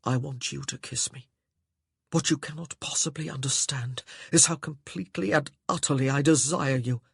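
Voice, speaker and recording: A man voicing a brooding, volatile nobleman who speaks low and strained, breaking into forceful outbursts. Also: moderate pace, creaky, slightly rough, dry recording, studio quality. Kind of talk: audiobook character voice.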